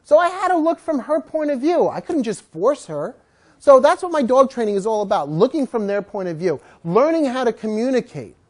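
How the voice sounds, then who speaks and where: A man teaching a dog-training class, telling stories with lively, acted-out voices. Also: very high voice, brisk. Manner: animated, acts out quoted voices. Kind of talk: storytelling lecture to a class.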